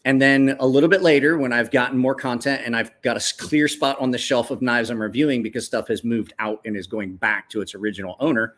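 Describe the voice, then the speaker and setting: A man casually talking through his favorite gear as a knife reviewer, excitable and swearing freely, rambling with restarts and jumping up in pitch when he quotes his own reactions. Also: fast talker, few pauses. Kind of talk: casual show-and-tell chat.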